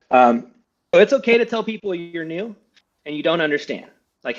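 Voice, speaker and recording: A man coaching a trainee on sales calls, energetic and quick, often checking in with "okay?". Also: fairly high pitch, dull audio. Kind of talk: live sales training feedback.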